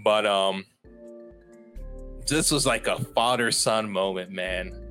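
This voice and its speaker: A man hosting a solo podcast in casual chat, rambling with lots of fillers and quick apologies. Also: on the low side, pushed and bright, faint music behind. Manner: rambling and self-interrupting, heavy on fillers and apologies. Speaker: podcast host.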